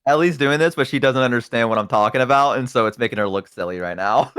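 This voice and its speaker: A man's voice: mid-range voice, fast, fairly bright tone, smooth, no room sound, studio quality. A man in his twenties, a guest streamer, chatting casually in a laid-back, self-deprecating, rambling way. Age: 20s. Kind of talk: casual chat on a livestream.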